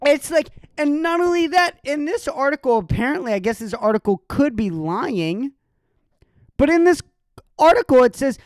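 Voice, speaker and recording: A woman's voice: high voice, very animated, unhurried, no echo. A woman hosting a solo podcast, ranting in a heated, sarcastic and profane way. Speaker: podcast host.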